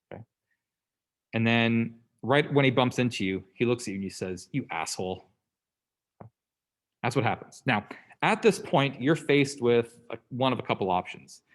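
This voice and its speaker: A man lecturing a class in a conversational way, often checking in with "okay?" and "right?" and briefly acting out the people in his examples. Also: medium pitch. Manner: acts out quoted people in passing.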